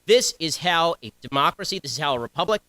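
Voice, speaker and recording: A young man giving a combative, sarcastic political speech to students, talking in rapid-fire bursts. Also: a little high, animated, bright, forceful tone, no room sound, low-quality recording. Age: young adult.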